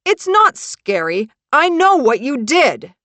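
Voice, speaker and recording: A woman voicing a hysterical, panicked teenage boy who shouts frantically in a raised voice. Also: high-pitched, sing-song, slow pace, dry recording, pitched above the performer's own voice, exaggerated voice. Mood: frantic.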